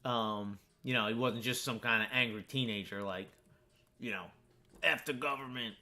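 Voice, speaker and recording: Chatty American male streamer, rambling casual delivery, bright tone, keyboard typing in background. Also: fairly low pitch, fairly even intonation, moderate pace. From United States. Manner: rambling, chatty, full of fillers. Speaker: gaming streamer. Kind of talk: casual chat while playing a game.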